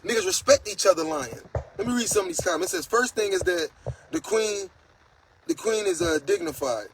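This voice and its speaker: A man's voice: sits high, big pitch swings, fairly quick, a little hiss or hum, rough recording. A man hosting a casual livestream monologue, talking in a blunt, profane and preachy way, reading out viewer comments. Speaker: host.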